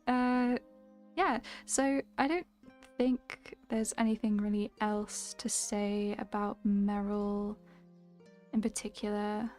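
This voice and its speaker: A woman's voice: on the high side, a little mellow. A woman streamer chatting casually, rambling with fillers and frequent giggles. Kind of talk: casual chat. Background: lo-fi music.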